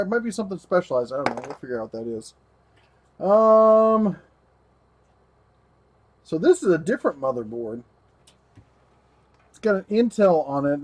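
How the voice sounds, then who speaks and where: A man's voice: sits high, a little mellow. A man hosting a livestream while rebuilding a computer, chatting casually, talking to his parts and his dog. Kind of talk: casual live tech narration.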